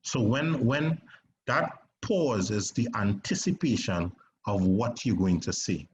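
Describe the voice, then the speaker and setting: A man teaching an online acting lesson, talking conversationally with emphatic pauses and checks on whether his listeners follow. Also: on the low side, expressive, highs cut off, a little hiss or hum.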